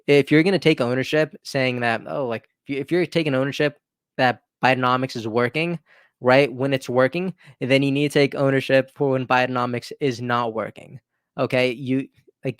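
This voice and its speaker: A man's voice: mid-range voice, fairly even intonation, normal speed, smooth, no echo, studio quality. A man hosting his own commentary video, talking casually with emphatic asides and frequent restarts. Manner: conversational, repetitive restarts, emphatic rhetorical asides. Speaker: political commentary host.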